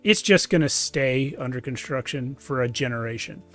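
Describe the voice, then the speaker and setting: A man narrating as game master of a tabletop game, relaxed and chatty, livening up during action. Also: mid-range voice, moderate pace, soft background music. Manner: relaxed, with fillers and restarts, lively when describing action.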